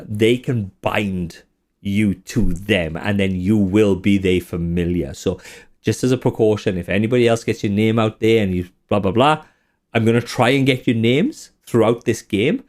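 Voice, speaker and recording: A man's voice: fairly low pitch, darkish tone. A man narrating as game master, casual and prone to laughing. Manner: laughs a lot, casual and chatty.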